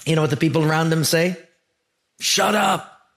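A man's voice: on the high side, fairly even intonation, racing. A man preaching a sermon as a pastor, earnest and emphatic, telling stories to drive his point home.

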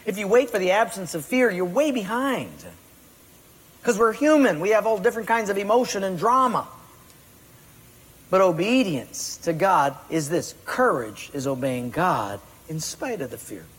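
A male pastor preaches with emphasis, pressing the congregation with question after question. His voice sits high for a man, and the long reverb of a big hall trails every phrase. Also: animated, moderate pace, fairly bright tone, husky. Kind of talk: sermon.

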